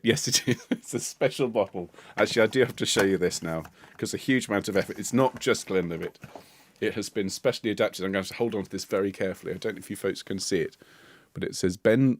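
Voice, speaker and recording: A jovial British man hosts a choir livestream, chatting playfully with viewers and laughing often. His voice sits low, and the sound is dry and close, with no room around it. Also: fairly quick, no room sound. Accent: British English. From United Kingdom. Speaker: choir leader hosting a livestream.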